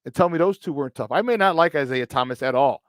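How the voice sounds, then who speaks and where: A man's voice: fairly high pitch, fast, no room sound. A man from Chicago with a Chicago accent, hosting a sports talk show and hammering his points home with repetition. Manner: emphatic, repeats points for stress. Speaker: sports radio host. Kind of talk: sports talk radio banter.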